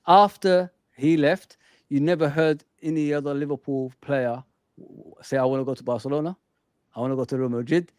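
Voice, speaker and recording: A male guest in a casual fan chat speaks in a slightly high voice. He is animated, repeats his points and keeps addressing the host by name. The sound is dry and close. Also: brisk, clear, resonant tone, no room sound.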